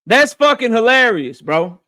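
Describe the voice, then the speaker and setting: A young man with a strikingly high voice hosts a boxing talk show. He is blunt and profane, and he says his points twice for emphasis in casual, opinionated commentary. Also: big pitch swings, unhurried, pushed and bright.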